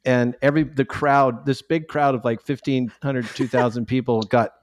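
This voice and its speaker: A man's voice: mid-range voice, fairly even intonation, normal speed. Jokey male podcast co-host. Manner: jokey, laughs often. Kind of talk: casual podcast conversation.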